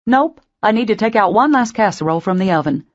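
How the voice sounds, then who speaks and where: A woman's voice: medium pitch, expressive, quick pace, no echo, lo-fi sound, voice pushed up, lightly acted. A woman voicing an affectionate older grandmother. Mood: doting. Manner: affectionate, uses endearments. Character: warm older Southern grandmother, doting.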